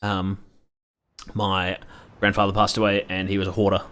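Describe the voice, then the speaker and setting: Rambling young man streaming, low voice. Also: completely flat delivery, moderate pace, fairly bright tone, slight background noise. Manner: rambling, chatty, swears freely. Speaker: gaming streamer. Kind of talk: casual live-stream commentary.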